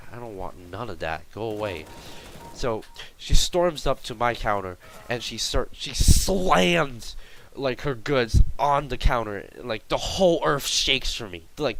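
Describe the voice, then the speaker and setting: A man's voice: mid-range voice, gravelly, fairly bright tone, slight background noise, low-quality recording. A young man telling a workplace story in a casual, rambling vlog style, full of fillers and exaggeration.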